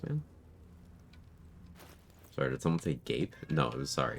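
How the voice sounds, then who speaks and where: A man's voice: extremely low pitch, animated, normal speed, gravelly, long pauses, a little hiss or hum. A man streaming a game live, chatting casually with viewers in a groggy morning voice. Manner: laid-back, greets and answers chat.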